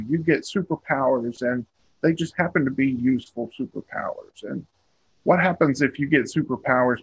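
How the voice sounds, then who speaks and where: A man's voice: medium pitch, a bit bright, husky, dry recording, muffled recording. A man, a comic book artist being interviewed, talking casually and rambling with many ums and restarts.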